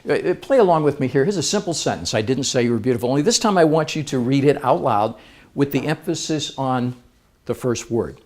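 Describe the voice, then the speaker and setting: Seminar speaker, male, lively swinging pitch, playful, quizzes the room. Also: fairly quick. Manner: lively, playful, engages audience with questions. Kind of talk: live seminar talk.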